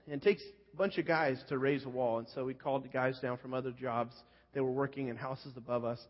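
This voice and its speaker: A man's voice: mid-range voice, fairly even intonation, fast talker. A man telling a personal story as a pastor in a sermon, talking in a loose, conversational, self-deprecating way full of fillers. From California Central Coast. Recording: muffled sound with long hall reverb.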